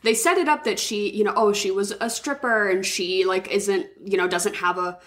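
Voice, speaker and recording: A woman co-hosting a podcast in casual, profane chat about a movie. She talks in an animated way and acts out quotes with rising pitch. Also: moderate pace. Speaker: podcast co-host.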